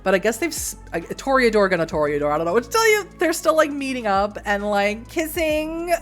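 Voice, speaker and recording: A woman's voice: a little high, very animated, brisk, soft background music. Rambling, giggly woman vlogger. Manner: rambling, giggly, self-deprecating. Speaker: recap vlogger. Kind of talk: casual rambling show recap.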